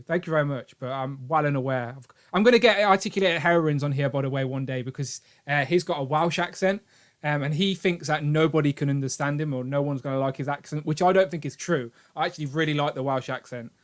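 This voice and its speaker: A young man hosting a casual live stream, upbeat and animated as he reads out viewer comments. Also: a little high. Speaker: show host.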